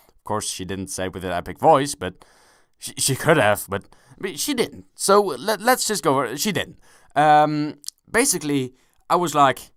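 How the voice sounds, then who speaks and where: Lively, rambling young man commentating gameplay. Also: mid-range voice, moderate pace, clear, resonant tone, no room sound, clean studio sound. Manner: rambling, self-correcting, swears casually, jokey. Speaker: gaming commentator. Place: at home, kneeling without a chair.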